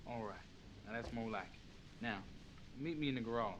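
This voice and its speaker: An actor voicing a suspicious police officer who questions a stranger in a video game. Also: male voice, medium pitch, normal speed, lightly acted. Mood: stern questioning. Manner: suspicious, commanding. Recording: game audio with background noise.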